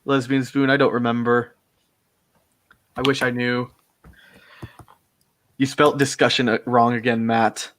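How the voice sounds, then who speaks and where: A man's voice: mid-range voice, level tone, unhurried, pauses often, fairly bright tone, a little hiss or hum. A young American man chatting as a guest on an online call, rambling and correcting himself as he jokes along. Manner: rambling, self-correcting, jokey. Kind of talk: casual online chat. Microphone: computer microphone on a call.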